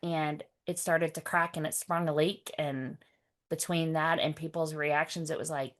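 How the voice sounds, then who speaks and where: A woman's voice: low voice, level tone, normal speed. A woman guest speaking candidly about her past, often quoting what others said to her. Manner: candid, wry, quotes others' words. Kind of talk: personal testimony.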